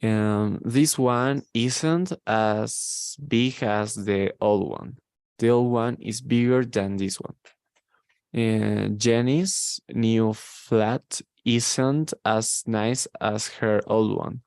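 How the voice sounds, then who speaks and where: A man's voice: on the low side, extremely slow, vocal fry, darkish tone, clear, resonant tone, dry recording. A man studying English, reading example sentences aloud hesitantly with fillers and restarts. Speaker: language student.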